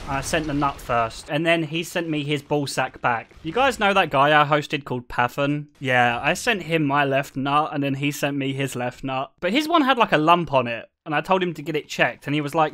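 A man's voice: on the high side, expressive, normal speed, hardly any pauses, bright, forceful tone. A man in his twenties, chatting and joking teasingly with his viewers while streaming a game. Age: 20s. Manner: teasing, joking, often laughing. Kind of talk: casual live-stream chatter.

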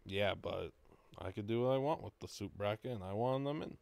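A man co-hosting a casual podcast chat in a studio, joking in a deadpan way. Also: lowish voice, fairly quick, vocal fry, no echo. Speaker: podcast co-host.

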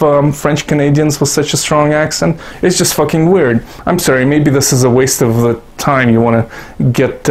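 A Russian-born man with a medium-pitched, slightly dark voice rambles sarcastically to his YouTube audience. He swears nonstop and throws in self-deprecating asides in this profane, casual talk to camera.

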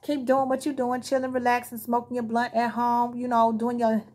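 A woman with a fairly high, husky voice talks straight to her viewers as she gives a casual tarot card reading. She is blunt and heated, and she swears freely. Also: monotone, normal speed, darkish tone. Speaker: tarot reader.

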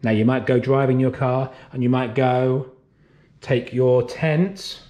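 Here a nursery teacher, male, leads little children through letter sounds, drawing each one out slowly and distinctly. The delivery is unhurried with a cheerful sing-song lilt, and the session was captured for remote learning from a home or classroom.

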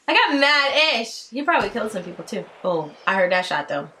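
A young woman giving excited, chatty commentary while playing a shooter game, dropping to hushed mutters and bursting into shouts. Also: medium pitch, brisk, a little hiss or hum. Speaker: gaming channel host.

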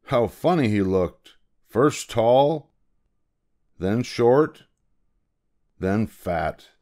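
An older man reads a children's story aloud in a low voice. His narration rises and falls expressively and takes its time. His delivery is gentle, in the style of a grandfather reading at bedtime.

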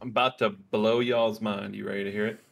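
A man's voice: on the low side, level tone, fairly quick, vocal fry. A man co-hosting a podcast in casual chat, talking with frequent ums and restarts. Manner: chatty, hesitant with ums and likes. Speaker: podcast co-host.

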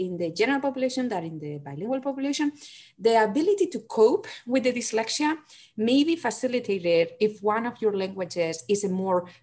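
A woman from Spain speaks English with a Spanish accent, her first language being Spanish. She answers audience questions as a psychology professor, animated and explanatory. She often checks in with a quick "right?". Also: medium pitch. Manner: animated, frequent "right?" tags. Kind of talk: lecture Q&A answers.

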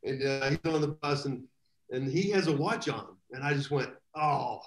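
A man telling rambling, animated anecdotes as a guest in a live video chat. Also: mid-range voice, moderate pace, reverberant, rough recording. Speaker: guest drummer. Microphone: video call.

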